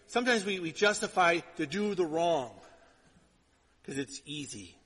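A man's voice: high voice, husky. Preacher man in a reverberant hall. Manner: storytelling, animated and conversational, with quick repeated restarts. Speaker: pastor. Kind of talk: sermon.

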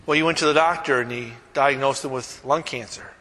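A man's voice: medium pitch, fairly quick, bright, forceful tone, big-room sound. A man preaching a sermon as pastor, talking casually with anecdotes, many fillers and restarts. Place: church.

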